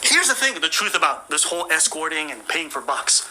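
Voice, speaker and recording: A man's voice: on the high side, big pitch swings, fairly quick, background noise. A man delivering a profane, mocking comedic rant as a commentator.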